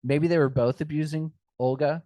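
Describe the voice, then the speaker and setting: A man co-hosting a podcast, talking through a film in casual chat, chatty and self-deprecating and quick to laugh. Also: fairly high pitch, steady tone, mellow, dry recording. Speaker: podcast co-host.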